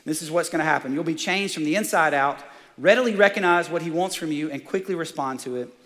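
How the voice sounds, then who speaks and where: Energetic male pastor, slightly high-pitched, live sermon in a reverberant church hall. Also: quick pace. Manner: energetic and excitable, fired up. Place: large church auditorium.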